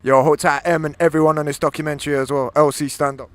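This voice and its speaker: A young man with a Leicester accent, a battle rapper who spits a freestyle and rattles off streetwise shout-outs. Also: a little high, flat delivery, fast talker, slight background noise. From Leicester, England. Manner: streetwise slang, hyped. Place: outside a music venue.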